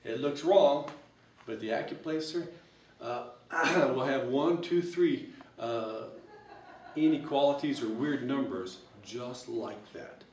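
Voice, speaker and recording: A man's voice: medium pitch, slow, recorded from a distance. A man teaching an algebra lesson, explaining step by step with joking, folksy asides. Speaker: math teacher. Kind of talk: recorded math lesson. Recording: echoey room, voice from off-mic, faint hiss.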